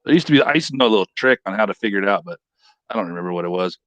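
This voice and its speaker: A man's voice: fairly low pitch, animated, rapid-fire, fairly bright tone, no room sound. Laid-back guy from California on a call. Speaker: podcast guest. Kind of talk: casual chat. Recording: dull lo-fi call audio.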